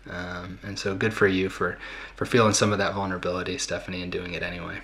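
A man's voice: deep voice, flat delivery, fast, fairly bright tone. A middle-aged man hosting a podcast, talking through listener questions in a thoughtful, conversational way with fillers and restarts. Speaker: podcast host. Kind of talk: reflective talk answering listener questions.

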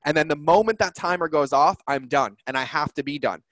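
A man's voice: fairly high pitch, brisk, fairly bright tone, dry recording. Earnest man in a motivational chat. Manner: earnest, emphatic, keeps checking in with "right?". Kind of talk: casual motivational conversation.

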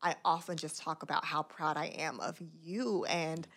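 A woman appearing as a podcast guest, speaking in a warm, heartfelt way. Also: low voice, steady tone, moderate pace. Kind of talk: casual chat.

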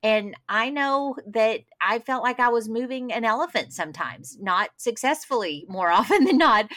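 Encouraging woman podcast host. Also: on the high side. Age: middle-aged. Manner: warm encouraging, faith-based. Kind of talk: podcast interview.

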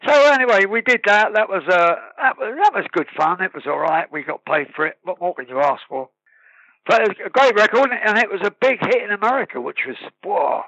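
A man tells his stories in a casual, lively manner. His voice sits high and sounds bright. The recording is dry and a little dull. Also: brisk, dry recording. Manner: lively storyteller, breaks into sung snatches and laughs. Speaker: guest musician. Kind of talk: casual anecdote telling.

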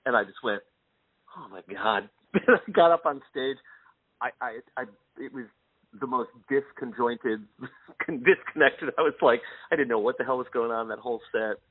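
Husky man telling a story down a phone line. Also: medium pitch, moderate pace, dry recording. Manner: animated anecdote telling with quoted voices. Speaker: guest musician. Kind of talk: casual storytelling interview.

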